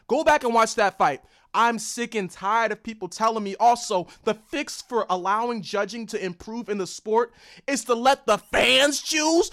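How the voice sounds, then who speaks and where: A young man giving an angry, heated ranting commentary on combat sports, loud and repetitive. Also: high voice.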